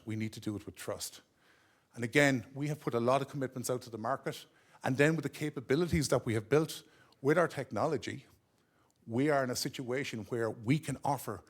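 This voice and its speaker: Man, conference presenter, gravelly voice, conversational. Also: medium pitch. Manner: conversational, often checks in with "okay?". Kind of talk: business conference talk. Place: conference room at a corporate office.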